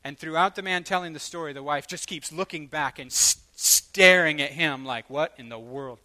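A man delivers a sermon story with a bright, forward tone and a somewhat high voice. He acts out the people in his story, swinging from quiet asides to loud outbursts. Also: moderate pace. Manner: animated, acts out quoted voices, rising to loud bursts. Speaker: preacher.

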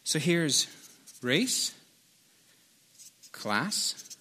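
Middle-aged male pastor, relaxed storyteller, slightly higher than usual voice. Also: very slow, a little hiss or hum. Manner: loose, conversational storytelling with fillers. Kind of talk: sermon with opening joke.

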